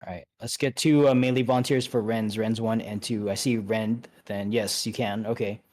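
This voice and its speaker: A man leading an online game raid, giving relaxed instructions with many fillers and restarts. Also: fairly low pitch, moderate pace. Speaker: raid leader. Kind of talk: casual instructions over voice chat.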